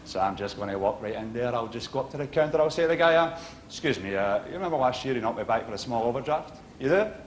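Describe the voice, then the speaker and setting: A middle-aged Glaswegian stand-up comedian speaks quickly in a mid-range voice, with a little hiss or hum in the recording. He's animated during his routine, acting out the voices and back-and-forth exchanges of his stories.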